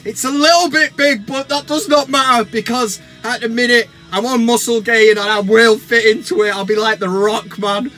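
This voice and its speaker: A young man hosting a fan vlog, giddy, shouty and crude as he opens a parcel. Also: very high-pitched, fairly even intonation, moderate pace, few pauses, faint music behind. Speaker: vlog host.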